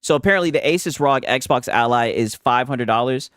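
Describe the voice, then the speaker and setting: A man's voice: medium pitch, brisk, a bit bright, no room sound, clean studio sound. A man hosting a live stream, reacting casually in a loose, rambling way full of tag questions. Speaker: streamer host.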